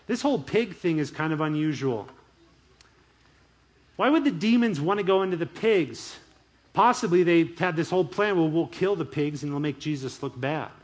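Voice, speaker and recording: A man preaching a sermon in an animated, emphatic way. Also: fairly high pitch. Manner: animated, emphatic, chuckles often. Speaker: pastor.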